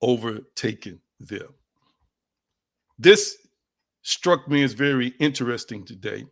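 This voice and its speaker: A man's voice: mid-range voice, lively intonation, slow, a bit bright. A man preaching a sermon in a conversational, emphatic way, repeating phrases and calling on his listeners directly. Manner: conversational, addresses audience as y'all.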